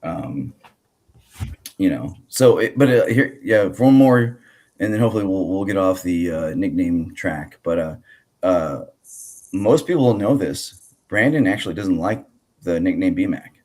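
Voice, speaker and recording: A man hosting a relaxed podcast, his voice sitting very low. He talks in a loose, rambling way, full of fillers and false starts. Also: a little slow. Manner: rambling, many fillers and restarts. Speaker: podcast host. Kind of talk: casual podcast chat.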